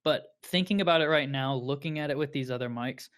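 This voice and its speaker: A man's voice: fairly high pitch, brisk, fairly bright tone. A man co-hosting a casual audio podcast, comparing microphones and thinking aloud with frequent restarts. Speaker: podcast co-host.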